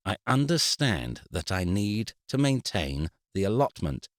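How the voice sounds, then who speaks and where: A man's voice: fairly low pitch, big pitch swings, a little slow, no room sound, studio quality. A man voicing a harried, exasperated man in his middle years, with a strained, pleading voice. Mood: forced calm.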